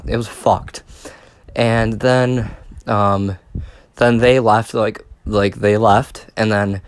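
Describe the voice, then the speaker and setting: A man's voice: lowish voice, fairly even intonation, slow pace, no echo. A young man telling a casual storytime, rambling and swearing with many fillers and restarts. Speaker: vlogger.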